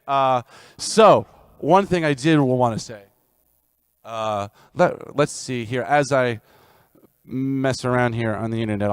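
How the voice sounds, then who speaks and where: A man's voice: lowish voice, dry recording, studio quality. A man live streaming music, chatting casually and rambling between songs. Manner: chatty, rambling asides, sings folk songs loudly.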